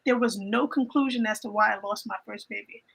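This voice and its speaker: A woman telling an emotional personal faith story in a casual panel chat, animated and often repeating her phrases. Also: medium pitch, fairly quick, gravelly, crowd noise, poor audio. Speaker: guest on a livestream panel.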